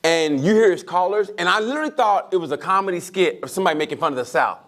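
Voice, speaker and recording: A man co-hosting a comedy podcast, telling stories loudly with laughter and voices. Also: high-pitched, fast. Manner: loud, laughing, animated storytelling with put-on voices. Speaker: podcast co-host. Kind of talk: casual comedic chat.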